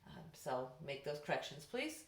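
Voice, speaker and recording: A woman's voice: sits low, very animated, moderate pace. A middle-aged woman teacher giving a patient step-by-step grammar lesson to young students over distance learning. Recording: echoey room.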